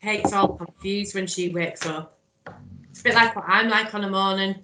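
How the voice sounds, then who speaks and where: Guiding a drama exercise, a female workshop leader gives encouraging, step-by-step instructions in a steady, medium-pitched voice at a normal pace. The recording has background noise and the echo of a reverberant room.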